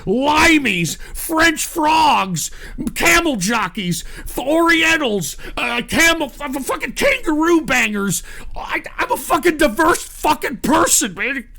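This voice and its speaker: A man's voice: very high voice, lively intonation, measured pace, gravelly, sharp tone. A man streaming live, reacting to a video with sarcastic, profane, ranting commentary. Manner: ranting, sarcastic, heavy swearing.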